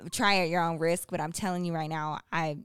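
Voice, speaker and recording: A woman's voice: low-pitched, steady tone, brisk, a bit bright, smooth, dry recording, studio quality. A young adult woman co-hosting a podcast, chatting casually in a playful, teasing, emphatic way. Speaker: podcast co-host. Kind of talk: casual chat.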